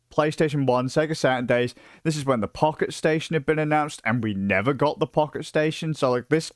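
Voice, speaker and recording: A British man in his late thirties, chatting casually on a livestream and telling stories in an excitable, profane way, full of fillers and restarts. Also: medium pitch, dry recording, clean studio sound. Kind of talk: casual rambling stream chat.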